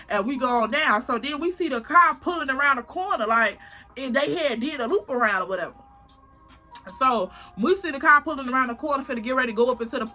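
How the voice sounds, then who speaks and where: A woman vlogger telling a story in a casual, animated and profane way, acting out the drama. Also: high voice.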